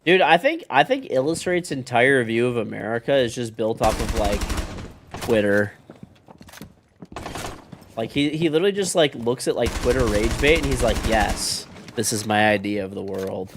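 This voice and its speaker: A man's voice: mid-range voice, expressive, normal speed, pauses often, noisy background. A young man streaming a shooter game, chatting casually with viewers and teammates and swearing bluntly. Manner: swearing, blunt, reacting to gameplay and chat. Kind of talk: casual gaming stream chat. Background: gunfire from the game.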